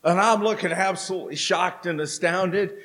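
A middle-aged man preaching a sermon in church, telling stories with dramatic pauses. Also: high-pitched, fairly bright tone. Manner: slow, storytelling delivery with dramatic pauses. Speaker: pastor. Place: church sanctuary.

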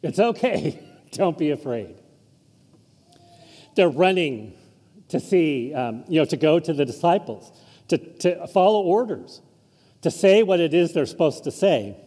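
A man's voice: fairly high pitch, lively intonation, moderate pace, warm tone, slightly rough, long reverb tail. A man preaching a conversational sermon as a pastor, informal and chuckling through asides. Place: church sanctuary.

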